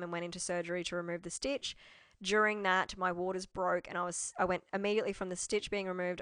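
A young Australian woman telling her birth story in a chatty, animated way, acting out quoted dialogue. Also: lowish voice, clear, resonant tone, no room sound, clean studio sound. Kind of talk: casual storytelling.

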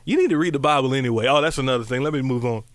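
A man preaching a lively, conversational sermon, breaking into high exclamations and playful asides. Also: racing, no echo.

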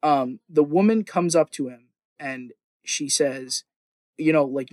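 A man's voice: a little high, slow, a little mellow, dry recording. Dry, rambling podcast host man. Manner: rambling, profane, enthusiastic storytelling with fillers. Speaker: podcast host recapping a TV show. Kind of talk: casual podcast recap.

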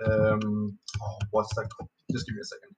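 A man's voice: lowish voice, completely flat delivery, fairly quick, darkish tone, faint music behind. A man, a native Danish speaker, chatting casually as a podcast guest, rambling through a tabletop game anecdote with lots of fillers, restarts and swearing. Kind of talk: casual storytelling chat. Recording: roomy echo, slightly off-mic.

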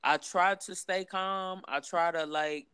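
A woman's voice: on the low side, fairly even intonation, slow pace, fairly bright tone, smooth, no room sound, studio quality. A young woman in casual chat, telling candid, profane stories and acting out the voices of people in them. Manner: candid, profane storytelling with acted-out quotes.

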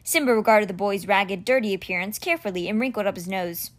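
A woman reading a children's fantasy novel aloud with expressive storytelling. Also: mid-range voice, quick pace, few pauses. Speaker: audiobook reader.

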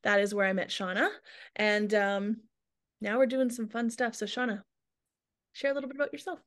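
A woman's voice: mid-range voice, level tone, moderate pace, fairly bright tone. Chatty woman hosting a podcast. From Alberta, Canada. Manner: chatty, self-deprecating, emotional at times. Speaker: podcast host. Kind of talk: casual podcast chat.

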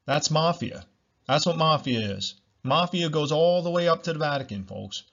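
A man's voice: a little high, animated, moderate pace, vocal fry, a bit bright, lo-fi sound. A man hosting a solo podcast, talking bluntly, repeating himself and swearing freely. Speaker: podcast host.

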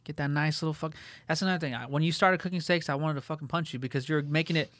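Fast-talking ranting man, swears a lot. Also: fairly high pitch, no echo. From Italian-American family. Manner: animated, ranting, heavy swearing. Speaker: podcast co-host. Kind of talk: casual podcast banter.

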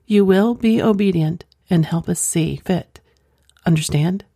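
Commanding wife, read by a woman, firm, instructing, low pitch, dry sound. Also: a little slow, dark tone, no room sound.

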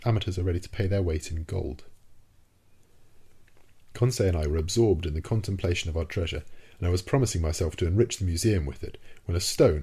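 Male audiobook reader, deep mellow voice, formal storytelling. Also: husky. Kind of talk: scripted first-person narration.

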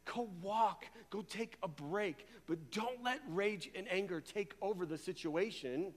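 A man with a fairly high voice preaching a sermon to his congregation. He talks in an animated, conversational way and often stumbles over repeated words. The long reverb of a large church hall trails behind him. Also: a little slow. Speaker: pastor.

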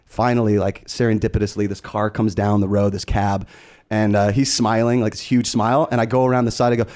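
A man's voice: fairly low pitch, brisk. A man from Las Vegas, a musician guest on a podcast, chatting casually, telling stories with lots of laughter and swearing. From Las Vegas, USA. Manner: excitable, laughing storyteller, swears freely.

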